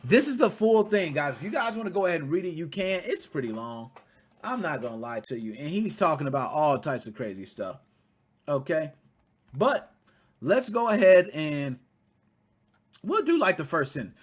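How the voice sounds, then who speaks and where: A man in his thirties hosting casual commentary, talking straight to his viewers in a blunt, profane, animated way. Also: on the high side, moderate pace, breathy edge. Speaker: commentary channel host.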